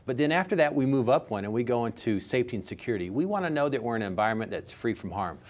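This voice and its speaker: Guy coaching on customer service, upbeat and animated, lots of examples, mid-pitched voice. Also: rapid-fire. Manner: animated, teaching with everyday examples. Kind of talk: interview guest explaining.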